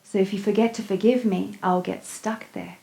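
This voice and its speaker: A woman's voice: mid-range voice, fairly even intonation, normal speed, gravelly, mellow, close to an everyday voice, rough recording. A woman voicing a loving little girl soul who speaks in a tender, reassuring way.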